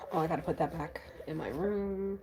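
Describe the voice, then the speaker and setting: Low-voiced exasperated New woman. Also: fairly quick, noisy background. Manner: blunt, exasperated storytelling with frequent sighs. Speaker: vlogger. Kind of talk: casual chat to camera.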